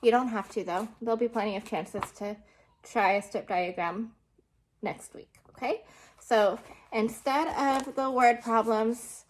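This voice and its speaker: A woman's voice: on the high side, steady tone, unhurried, a little hiss or hum. Patient teacher woman sounding out words. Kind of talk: remote classroom lesson.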